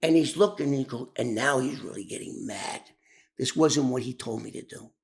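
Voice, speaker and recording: A man telling an animated street story, acting out the voices of others and often restarting his sentences. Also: mid-range voice, moderate pace, vocal fry. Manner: animated, acts out quoted voices, many restarts. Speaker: former mob associate telling his story. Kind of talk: casual spoken storytelling.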